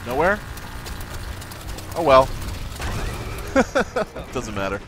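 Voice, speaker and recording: A man's voice: medium pitch, wildly swooping pitch, extremely slow. A man streaming a video game live, playful and swearing, giggling and humming nonsense to himself as he plays. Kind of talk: live gameplay commentary. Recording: loud game sounds behind voice. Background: video game effects and voice lines.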